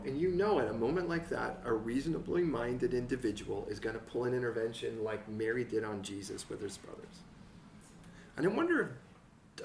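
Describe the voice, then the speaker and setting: A man preaching a conversational sermon as pastor, acting out quotes and building to excited peaks. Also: mid-range voice, a little hiss or hum. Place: church hall. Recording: roomy church sound from a distant mic.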